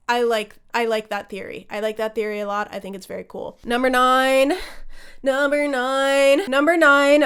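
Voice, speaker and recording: A young woman talks to her audience in a relaxed, chatty way, bubbly and enthusiastic, with casual swearing mixed in. Her voice sits a little high and sounds smooth and clean. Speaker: music video creator ranking album songs. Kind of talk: casual talk to camera.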